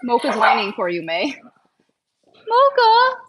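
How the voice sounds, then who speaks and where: A woman breeding dogs who chats on a casual live stream at home, switching between high sing-song baby talk to puppies and low chatty asides. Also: lively intonation, unhurried, low-quality recording.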